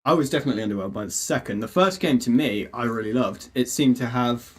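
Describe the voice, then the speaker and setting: Young man, podcast host, deadpan sarcasm, slightly raspy tone. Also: mid-range voice, fast talker. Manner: dry, sarcastic joking. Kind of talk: casual chat.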